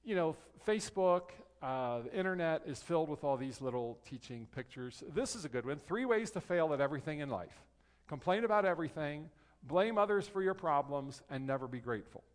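A man preaching a conversational sermon as pastor, reading scripture aloud in slow, careful phrases. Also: fairly high pitch, animated. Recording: long hall reverb.

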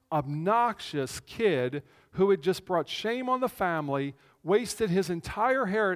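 A man preaching a conversational sermon as pastor, telling the story with animation and swinging between loud and hushed. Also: sits high. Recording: long reverb of a large hall.

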